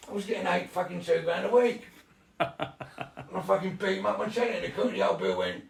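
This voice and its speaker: A man's voice: a little high, expressive, brisk, creaky. A middle-aged man telling stories in casual chat, swearing constantly and laughing through them. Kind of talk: casual storytelling. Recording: echoey room, mic at a distance.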